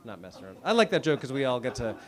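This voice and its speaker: A man's voice: mid-range voice, very animated, very fast, a little hiss or hum. A man in his thirties performing a stand-up set on a comedy club stage, with a wry, self-deprecating, conversational delivery. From United States. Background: audience laughter.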